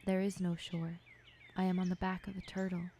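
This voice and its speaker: Hushed, mellow woman narrating poetry. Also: fairly low pitch, flat delivery, slight background noise. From United States. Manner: slow, measured, hushed, with occasional whispers. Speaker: filmmaker narrating her own work. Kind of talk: poetic scripted narration.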